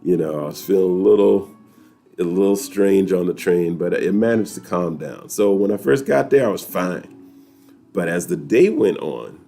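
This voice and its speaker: Man, host, casual storytelling, husky gravelly voice, dark tone, faint guitar behind. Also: low voice, normal speed. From New York. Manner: animated, laughing, talks straight to viewers. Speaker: host of a weekly chat.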